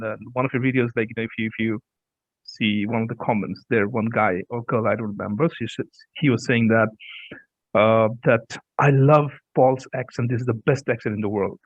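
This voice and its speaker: A man's voice: medium pitch, dry recording, highs cut off. A man hosting an interview, speaking casually with frequent agreeing backchannels and rambling restarts. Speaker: interview host.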